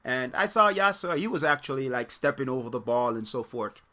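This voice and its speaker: A man who hosts a soccer channel and tells an animated, rambling story to camera with many fillers and acted-out quotes. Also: medium pitch, brisk. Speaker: soccer coach and channel host.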